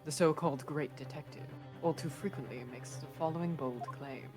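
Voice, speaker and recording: A woman voicing a stern, aristocratic male prosecutor in a casual game script read-through, in a slow, measured, formal reading. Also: low voice, a little mellow, lightly acted. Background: background music.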